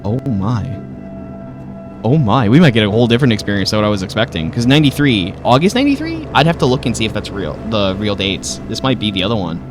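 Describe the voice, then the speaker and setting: A man's voice: fairly low pitch, big pitch swings, very fast, hardly any pauses, over music. A man giving casual, joking let's-play commentary, thinking aloud as he goes. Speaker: gaming host.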